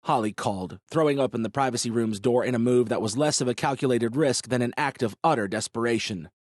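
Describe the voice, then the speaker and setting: A male audiobook narrator reads in a measured, dramatic way at a mid pitch. He is recorded close on a studio mic. The sound is dry, with no room around it. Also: no echo. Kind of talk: scripted narration.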